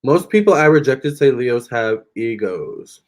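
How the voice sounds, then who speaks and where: A man's voice: medium pitch, lively intonation, measured pace. A young man hosting a live tarot stream, chatting casually and reading out viewers' comments with lots of fillers and restarts.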